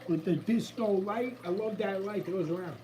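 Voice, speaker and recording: A man with a high-pitched voice hosts a relaxed live stream from his room at home, chatting upbeat and easy with his viewers. A tank's running water trickles faintly behind him. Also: normal speed, background noise. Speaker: livestream host. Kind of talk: casual live-stream chat. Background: faint running water from a tank.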